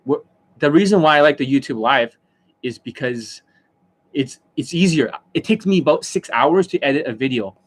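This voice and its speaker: A man's voice: on the high side, expressive, normal speed. A middle-aged man, a dating coach, holding a loose, boastful live-stream rant, swearing freely and often breaking into laughter. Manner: boastful, profane, keeps bursting into laughter.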